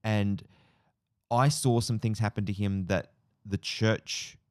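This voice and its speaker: A man's voice: on the low side, fairly even intonation, slow pace, a little mellow, no room sound, clean studio sound. A man in his forties with an Australian accent, chatting on a podcast, telling a long story in a rambling, reflective way with lots of fillers. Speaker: podcast co-host. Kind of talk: casual chat.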